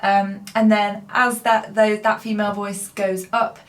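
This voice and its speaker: A woman singer calmly explaining singing registers in a casual lesson. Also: mid-range voice, measured pace. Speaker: singer, guest co-presenter.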